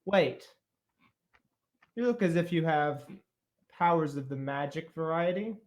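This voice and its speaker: A man voicing an ancient male dragon guarding a treasure hoard, speaking slowly and calmly. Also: a little high. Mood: calm, commanding.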